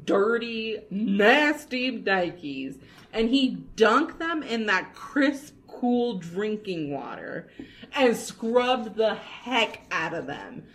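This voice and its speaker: A woman's voice: mid-range voice, very animated, fairly bright tone. A young adult woman co-hosting a casual chat show, teasing and playful as she tells stories. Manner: teasing, quick, playful older sister. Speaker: co-host.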